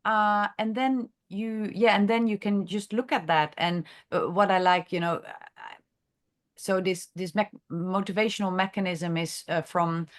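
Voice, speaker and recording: Woman teaching a group, slow and halting, lots of ums and restarts, thinks out loud. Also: medium pitch, steady tone. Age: adult, has a grown daughter. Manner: halting, many fillers and restarts, thinks aloud. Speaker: chiropractor leading a masterclass discussion. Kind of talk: unscripted teaching talk.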